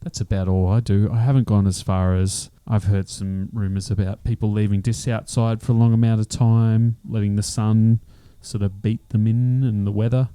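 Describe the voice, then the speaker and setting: A man co-hosting a podcast, explaining things in a measured, practical way. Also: lowish voice, level tone, mellow, smooth, no room sound. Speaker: podcast co-host. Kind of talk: casual podcast chat.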